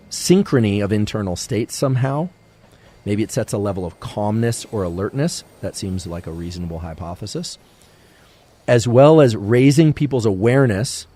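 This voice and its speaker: A male scientist giving a calm, measured science podcast lecture. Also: fairly low pitch.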